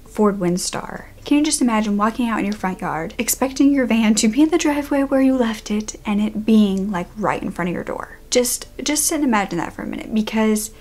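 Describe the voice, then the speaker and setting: A young woman telling a true-crime story from her childhood to camera in a casual, animated way, sometimes dropping to a hushed whisper at tense moments. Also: on the high side, brisk, few pauses. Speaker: YouTuber.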